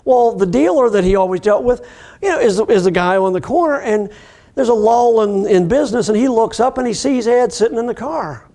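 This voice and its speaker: A middle-aged man teaching about addiction recovery, telling a story in a relaxed, conversational way and acting out the people in it. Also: very high voice, a little fast. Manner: conversational, acts out the people in his stories. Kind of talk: storytelling lecture.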